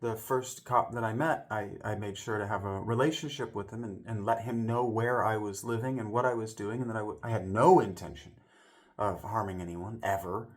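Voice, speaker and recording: A man's voice: lowish voice, moderate pace. A man vlogging a casual personal story, rambling, with frequent restarts and self-corrections, and voicing other people's lines as he retells it.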